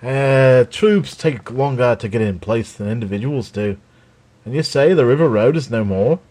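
A man's voice: medium pitch, lively intonation, moderate pace, a little mellow, lightly acted. A man voicing an easygoing, folksy male sergeant in a storybook reading. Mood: curious.

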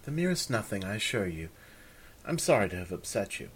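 A man voicing Aron, a charming young male musician who talks in florid, apologetic, evasive phrases, husky and low. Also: very animated, a little fast. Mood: flustered.

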